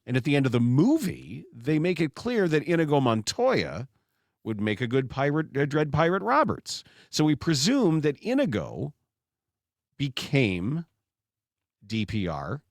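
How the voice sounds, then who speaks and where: A man's voice: mid-range voice, huge pitch swings, normal speed, no room sound, clean studio sound. A man hosting a casual podcast chat, talking with lots of animation and slipping into pirate voices now and then. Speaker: sports radio host.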